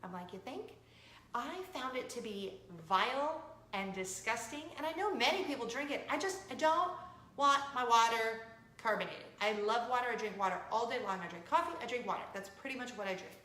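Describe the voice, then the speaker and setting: Animated, bright-voiced woman chatting in a roomy space. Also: a little high. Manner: animated and self-mocking, dramatic retelling. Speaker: host of a weekly coffee talk show. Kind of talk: casual chat to camera. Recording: roomy echo with faint room noise.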